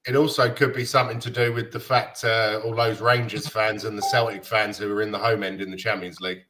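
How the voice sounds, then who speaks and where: A man's voice: on the low side, flat delivery, fairly quick, bright, forceful tone, slight background noise. A man hosting a casual football chat, rambling with plenty of fillers and restarts. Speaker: host of a football fan show.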